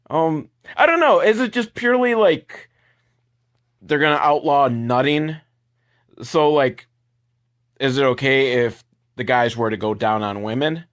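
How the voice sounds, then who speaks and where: A man's voice: fairly high pitch, fairly bright tone. A young adult man giving a crude, sarcastic comedic recap of a movie as the show's host. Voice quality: crude, sarcastic, mocking asides.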